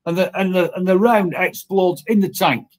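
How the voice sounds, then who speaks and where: A man's voice: sits high, moderate pace. A man telling blunt workplace stories with heavy swearing as a guest in casual talk. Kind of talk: casual storytelling.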